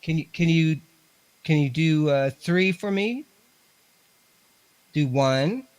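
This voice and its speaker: A man's voice: on the high side, takes it slowly, clear, resonant tone, dry recording. A man, chatting on a radio show as a ghost hunter and talking to spirits. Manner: talks to spirits and equipment, chatty. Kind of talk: casual radio show chat.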